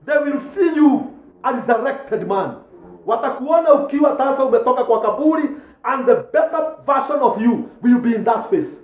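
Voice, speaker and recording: A male pastor with a Kenyan accent preaches with fervent calls and bursts of chuckling. His voice sits very high. The sound is tinny and thin, like a phone line, and it echoes around the church. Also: lively intonation, moderate pace. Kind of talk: sermon.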